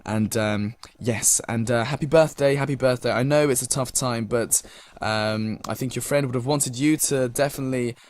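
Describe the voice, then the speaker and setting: A man's voice: medium pitch, moderate pace, a little mellow. A young British man as a radio DJ, reading listener messages in a polite, casual way with many fillers. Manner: polite, filler-heavy, many thank-yous.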